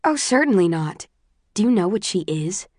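A woman's voice: medium pitch, expressive, normal speed, a little mellow, dry recording, clean studio sound, natural voice. A woman voicing a hostile, bitter young woman who talks with sneering contempt, in an audiobook reading.

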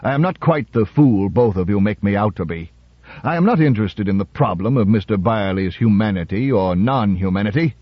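A man's voice: medium pitch, no echo, natural voice. A man reading aloud and voicing an irritable older male company director who talks bluntly and impatiently. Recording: dull, dry radio recording.

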